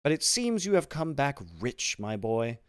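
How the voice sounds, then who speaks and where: A greedy neighbor, a fawning young tailor, as a man reads him. He presses insistently in a lively, ingratiating voice. The recording is dry and close. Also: medium pitch, a little slow, smooth, dry recording, voice pushed up.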